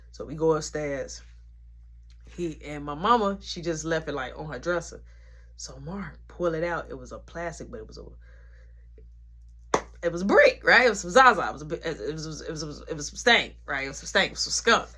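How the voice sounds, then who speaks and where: A woman telling a story in an animated, slangy way, acting out each scene. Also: low voice, moderate pace, slightly rough. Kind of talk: casual storytelling vlog.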